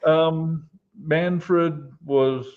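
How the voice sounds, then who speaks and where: A man, a retired police officer, telling a story slowly in casual live-stream chat, pausing often with fillers. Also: a little high, fairly even intonation, narrow, tinny audio. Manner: slow, halting anecdote with many fillers.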